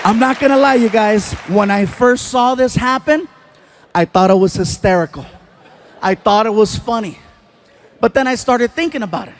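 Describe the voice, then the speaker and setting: A man doing live stand-up storytelling on a theater stage into a handheld mic, animated and shouting his punchlines. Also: very high voice, moderate pace, a faint crowd, slight background noise. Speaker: stand-up comedian.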